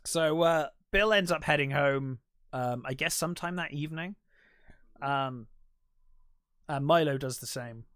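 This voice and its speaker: A man's voice: on the high side, measured pace, fairly bright tone, no echo, studio quality. A man co-hosting a podcast, casually retelling a film's plot in a rambling way, full of fillers and restarts. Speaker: podcast co-host. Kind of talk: casual film recap chat.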